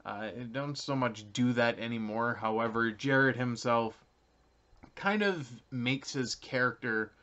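Talking to the camera, this young Canadian man rambles through a casual explanation for his viewers, full of ums, uhs and little chuckles. He's a channel creator with a mid-range, fairly bright voice and an unhurried delivery, captured on slightly dull lo-fi audio.

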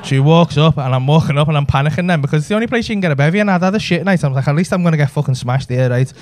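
A man's voice: on the high side, animated, very fast, no echo. A man, telling a brash, sweary story in a stand-up set. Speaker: stand-up comedian. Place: comedy club stage with audience laughter.

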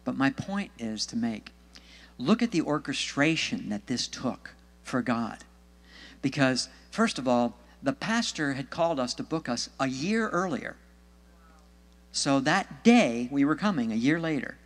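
A man's voice: mid-range voice, sing-song, unhurried. Man preaching, telling stories all earnest n pushing folks to share faith, echoey hall sound. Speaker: Christian author and speaker. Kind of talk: testimony storytelling sermon.

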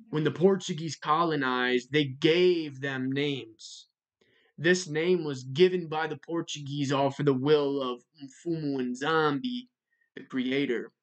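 A speaker giving a religious monologue in a measured way, spelling out words letter by letter and repeating them for emphasis. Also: mid-range voice. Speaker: religious video narrator.

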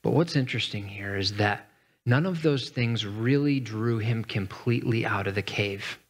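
A man's voice: on the low side, moderate pace. A male pastor delivering a conversational sermon, reading scripture with dramatic emphasis and speaking casually between readings.

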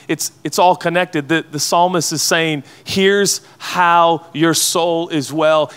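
Man, pastor, sermon, playful, chatty, questions to the audience, slightly high voice. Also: a bit bright. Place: conference hall before a live audience.

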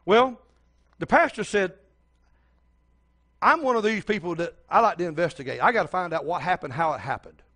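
A man's voice: sits high, expressive, moderate pace, long pauses, bright, forceful tone. An older man preaching a sermon as pastor, telling a story and speaking straight to the congregation.

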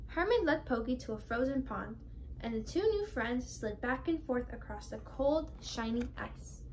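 A teenage girl reading a children's storybook aloud, with clear, expressive storytelling. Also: a little high, moderate pace, a little hiss or hum. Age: teens. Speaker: storybook reader.

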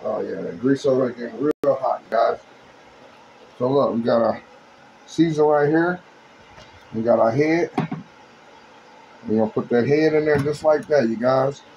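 A man's voice: medium pitch, a little slow, long pauses, darkish tone, lo-fi sound, slight background noise. A man doing a casual cooking demonstration, talking chattily to his viewers as he works. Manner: chatty, addresses viewers as you guys. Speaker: home cook.

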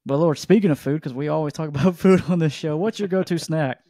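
A man, hosting a casual podcast chat and telling rambling, animated stories. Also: a little high, fast talker, dry recording. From Georgia, USA. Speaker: podcast host.

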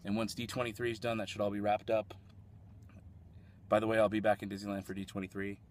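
A man vlogging casually at a fast food restaurant, rambling and talking with his mouth full as he tastes a dessert. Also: lowish voice, flat delivery, slight background noise. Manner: chatty, rambling, eating while talking. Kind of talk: casual food-tasting vlog.

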